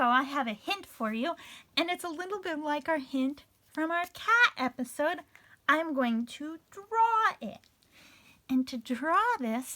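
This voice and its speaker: A woman's voice: sits high, bright, forceful tone. A woman librarian hosting a children's story time, speaking in a cheerful, playful way straight to young kids.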